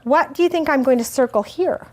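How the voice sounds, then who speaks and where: A woman teaching a first grade phonics lesson, asking gentle questions and stretching out words slowly. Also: sits high. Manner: slow, exaggerated word modeling.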